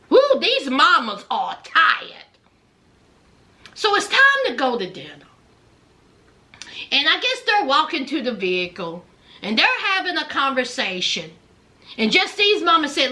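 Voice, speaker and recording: A woman's voice: sits high, sing-song, measured pace, long pauses, sharp tone. A woman giving a chatty, gossipy recap of a reality show, laughing often and calling listeners honey. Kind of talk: casual commentary.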